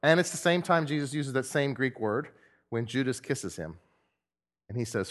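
A man preaching a lively sermon to a group, telling a parable and acting out the voices of its characters. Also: mid-range voice, fairly quick. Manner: animated storyteller, acts out voices.

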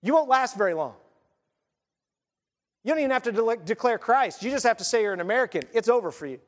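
Male preacher, very high-pitched, chatty and needling, sermon recorded in an echoing sanctuary. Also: fast talker. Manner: animated, conversational, sarcastic rhetorical questions. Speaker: pastor. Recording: long reverb of a church hall.

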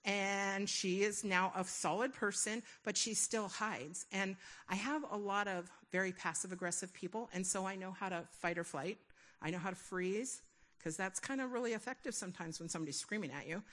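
Woman, church testimony, rambling animated storytelling, acts out quoted inner voices, mid-pitched. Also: normal speed. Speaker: church member giving a testimony. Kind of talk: personal testimony.

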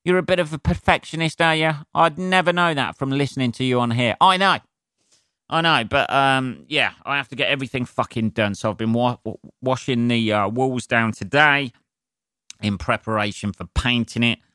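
A man's voice: mid-range voice, normal speed, sharp tone, clear, resonant tone, dry recording, clean studio sound. A man hosting a solo podcast, ranting with heavy swearing and self-mocking asides. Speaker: podcast host.

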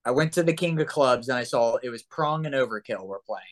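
A man who is a guest on a casual chat show, telling stories in a rambling, animated way with swearing and restarts. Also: mid-range voice, a little fast.

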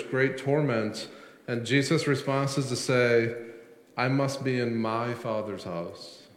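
Emphatic male preacher in a reverberant hall. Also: mid-range voice. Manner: emphatic preaching, slowing and swelling on key words. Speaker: pastor. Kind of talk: sermon.

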